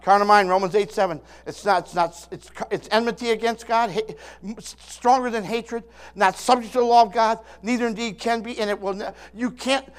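A man in his sixties preaching a sermon as pastor, emphatic, with call-and-response asides and many repeated, restarted words. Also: very high-pitched.

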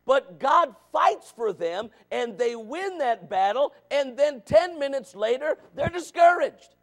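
A man preaching a sermon, asking the congregation questions and calling for amens, dropping to low asides and rising to shouted points. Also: very animated, takes it slowly. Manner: preaching with rhetorical questions and calls of amen.

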